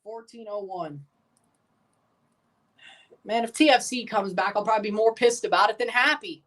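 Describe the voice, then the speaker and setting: A woman streaming a sports watchalong, ranting with profanity and sarcasm and bursting into shouts. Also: medium pitch, normal speed. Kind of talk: live sports reaction rant.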